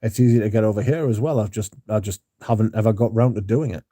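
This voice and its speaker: Brief: mellow-toned man hosting a livestream, chatty and sweary, reads chat aloud. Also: on the low side, fast talker. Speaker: livestream host.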